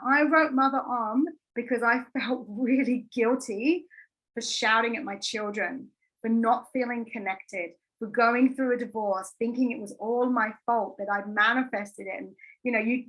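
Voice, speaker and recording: A woman in her thirties, a wellbeing coach, gives a conversational masterclass that's earnest and candid, chatty and packed with "like" and restarts. Her voice is fairly high and bright, on a low-quality recording.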